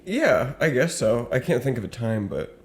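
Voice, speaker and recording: A man appearing as a guest on a comedy podcast. He speaks at an ordinary pitch, trading dry, teasing remarks in relaxed banter. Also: moderate pace.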